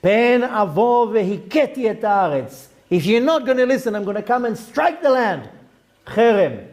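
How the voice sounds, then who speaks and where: A man's voice: sits high, very animated, moderate pace, darkish tone. A middle-aged man preaching as a rabbi, emphatic and rhetorical, often asking his listeners questions. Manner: emphatic, rhetorical questions, dips into Hebrew terms. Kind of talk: sermon.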